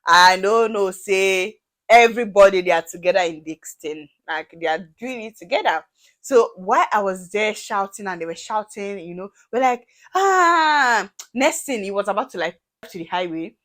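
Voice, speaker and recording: Young nigerian woman doing a storytime, lots of voices for the people in it, lively. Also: medium pitch, normal speed. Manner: animated, acts out dialogue in shifting voices. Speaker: vlogger. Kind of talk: storytime vlog.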